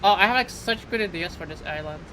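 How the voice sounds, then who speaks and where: A woman's voice: lowish voice, quick pace, pushed and bright, slight background noise, poor audio. A young adult woman streaming a game live, chatting casually and playfully with lots of "like" fillers. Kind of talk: casual live gameplay chat.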